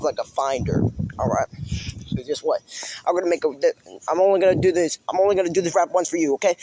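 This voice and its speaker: A man's voice: fairly high pitch, darkish tone, slight background noise. A man delivering a rambling, profane improvised roast, repeating himself and taunting. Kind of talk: improvised insult rant.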